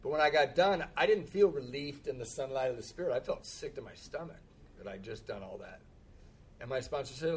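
At a recovery meeting, a man tells his own story candidly, with self-deprecating humor and frequent laughs. His voice is medium-pitched and animated, and he talks fairly quickly over slight background noise.

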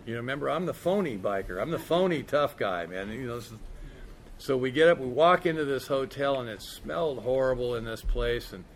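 A man's voice: mid-range voice, expressive, fairly quick, a little hiss or hum. A middle-aged man sharing a recovery story in a candid, rambling way, with lots of "man" and "you know". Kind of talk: storytelling talk.

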